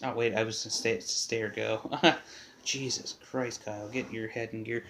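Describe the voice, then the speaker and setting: A man's voice: fairly low pitch, level tone, normal speed, a bit bright, a little hiss or hum. A man hosting his own sports podcast from his basement, talking casually and bluntly, swearing and muttering to himself as he fiddles with his setup. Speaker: podcast host. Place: home basement.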